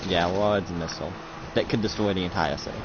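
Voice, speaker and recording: A man's voice: low-pitched, fast, noisy background. Rambling man narrating a roleplay. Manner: rambling, many fillers and restarts. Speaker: game master narrating a roleplay. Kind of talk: casual improvised storytelling. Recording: dull lo-fi mic with music behind.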